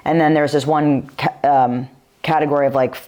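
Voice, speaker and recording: Podcast guest, woman in her 40s, low voice, chatty storyteller leaning on "like". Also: fairly even intonation, moderate pace, a little mellow. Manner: chatty storytelling, filler-heavy "like". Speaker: guest, retired pro footballer. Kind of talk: podcast interview.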